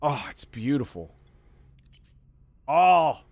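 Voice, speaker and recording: A man giving let's play commentary as a gaming streamer, excitable and profane, gushing over every detail. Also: mid-range voice, drawn-out words, vocal fry, husky, no room sound.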